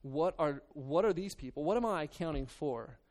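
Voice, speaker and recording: A man's voice: a little high, expressive, normal speed, darkish tone. A man preaching a sermon to his church, reading scripture, then talking in a loose, earnest way with many restarts and fillers. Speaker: pastor.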